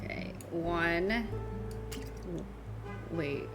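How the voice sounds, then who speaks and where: A young woman streaming a game live, excitable, laughing often and squealing as she reads the game's text aloud. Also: fairly high pitch, slow pace, over music.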